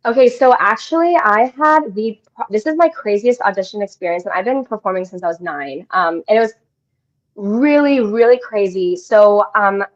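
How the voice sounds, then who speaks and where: A young woman from the Denver area, a guest actress in a casual radio interview, bubbly and quick to laugh as she tells stories. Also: medium pitch, animated. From Denver area, Colorado. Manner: bubbly, laughs often, storytelling. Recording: slightly dull lo-fi sound.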